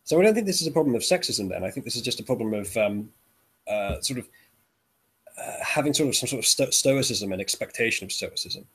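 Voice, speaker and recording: A man in a casual online debate who asks questions in a measured way, often hesitating, over a voice call. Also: medium pitch, lively intonation, breathy edge, poor audio. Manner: measured, hesitant with ums and uhs. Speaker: guest debater, interviewer.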